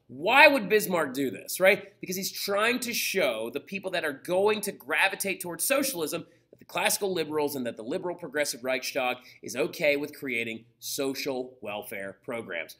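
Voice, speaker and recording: A young man gives a lively history lesson in a high voice. He keeps his tone bright and ringing, jokes his way through the material, and checks in with "right?" after nearly every point. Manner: animated, joking, full of "right?" and quick put-on voices. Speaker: history teacher. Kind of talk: casual flipped-classroom lecture.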